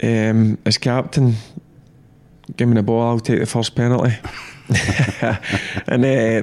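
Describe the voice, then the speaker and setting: A middle-aged man, a former player, talking football in a blunt, animated, repetitive way. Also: medium pitch. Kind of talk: casual football chat.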